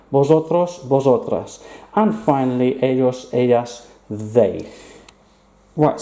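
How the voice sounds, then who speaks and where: A man teaches a grammar lesson in a chatty, playful manner. His voice is very dark and mellow. The recording carries a noticeable room echo. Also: mid-range voice. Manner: chatty, playful teacher, asks rhetorical questions. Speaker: Spanish teacher. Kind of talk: recorded online language lesson.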